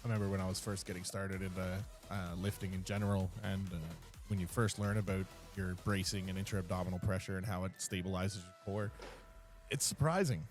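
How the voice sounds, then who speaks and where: A man's voice: on the low side, a little mellow. A man commentating a weightlifting meet in a chatty, storytelling way, announcing the lifters. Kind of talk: live sports commentary.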